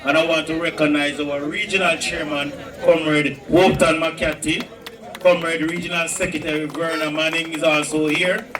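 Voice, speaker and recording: A man with a Jamaican accent emceeing a political rally, shouting out greetings and rousing the crowd over a PA system. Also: high-pitched. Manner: rousing, shouted call-outs. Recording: echoey, distant rally sound with music.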